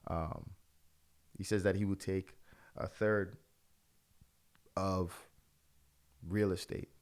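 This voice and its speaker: Man, pastor, low voice, impassioned commentary, lots of restarts. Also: level tone, takes it slowly, darkish tone. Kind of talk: religious video commentary.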